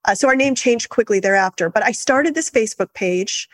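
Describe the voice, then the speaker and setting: A middle-aged woman, a guest in an interview, telling her story in an earnest, steady and reflective way. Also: a little high, a little fast, dry recording. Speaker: guest, activist founder.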